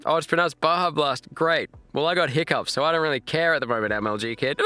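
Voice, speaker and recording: A man's voice: a little high, fast talker, few pauses, no echo, soft background music. A man in his thirties chatting casually on a live stream, laughing and exclaiming at chat while fighting hiccups. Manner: animated, laughing, reacting to chat with loud exclamations.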